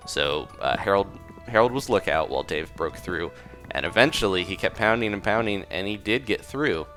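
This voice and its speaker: A man's voice: deep voice, animated, moderate pace, pushed and bright. A man casually improvising a story over gameplay, rambling with fillers and side comments. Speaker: gaming video creator. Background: faint music.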